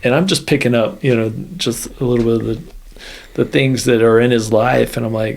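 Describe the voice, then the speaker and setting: A man's voice: medium pitch, steady tone, brisk, gravelly, darkish tone. A man, a former Air Force officer, tells a story in a casual interview, rambling with many restarts. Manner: rambling, full of "you know" and restarts.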